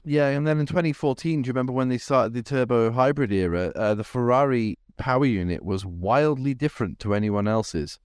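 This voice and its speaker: A man's voice: medium pitch, fairly quick, hardly any pauses, clear, resonant tone, no echo, clean studio sound. A man from England co-hosting a motorsport podcast, talking in a rambling, reflective way with many fillers. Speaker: podcast co-host. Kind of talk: casual chat.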